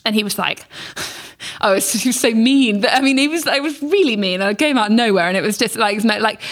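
A young woman speaking as a podcast guest in a frank, animated casual chat, swearing freely and acting out messages she received. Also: fairly high pitch, fairly quick, hardly any pauses.

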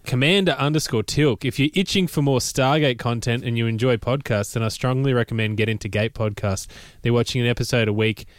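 Australian male co-host, mid-pitched, rambling anecdotes, dry close sound. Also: fairly quick, no echo. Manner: rambling storyteller, laughs often. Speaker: podcast co-host. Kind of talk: casual chat.

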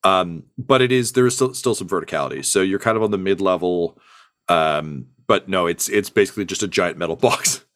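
A man's voice: low-pitched, fairly quick, a bit bright, dry recording, studio quality. A man narrating a tabletop game as game master, rambling with many ums and uhs.

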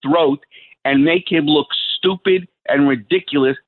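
A male caller on talk radio who makes his point in an insistent, lecturing way. His fairly high voice comes through a thin, tinny phone line. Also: measured pace.

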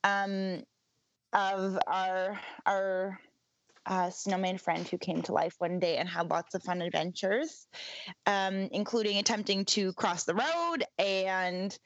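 Speaking slowly in a steady, mid-range voice, this podcast co-host keeps the chat loose, full of ums and false starts, and laughs readily. Her audio is dry and a bit muffled, without echo.

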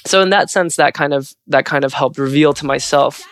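A young adult trans woman, a Foley artist, telling stories in an animated, expressive way with frequent fillers in a casual podcast conversation. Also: low-pitched, brisk, no echo, clean studio sound.

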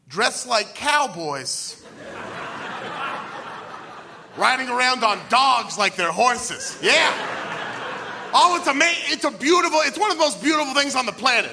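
A stand-up comedian with a strikingly high voice, ranting in a self-deprecating way that keeps climbing toward excited shouts. His tone is very bright and tense, cutting through a live radio show.

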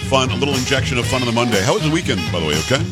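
A man's voice: mid-range voice, big pitch swings, rapid-fire, over loud music. A man hosting a talk radio show in a studio, joking and teasing his co-host in casual, rambling banter.

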